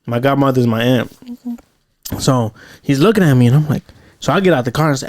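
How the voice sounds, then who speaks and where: A man's voice: mid-range voice, lively intonation, a little fast, a little mellow, no echo, clean studio sound. A man hosting a podcast, telling loose, profane stories full of fillers and restarts. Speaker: podcast host. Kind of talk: casual chat.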